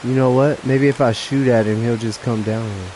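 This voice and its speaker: A man streaming a live game, chatting casually and breaking into nervous, excited exclamations as he plays. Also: mid-range voice, normal speed, slight background noise, poor audio. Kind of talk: live gameplay commentary.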